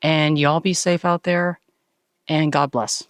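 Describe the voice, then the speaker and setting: A woman speaking calmly and encouragingly as a hiking companion on a mountain summit, recorded on a handheld phone. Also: low-pitched, slow, dry recording, clean studio sound. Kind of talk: casual trail vlog.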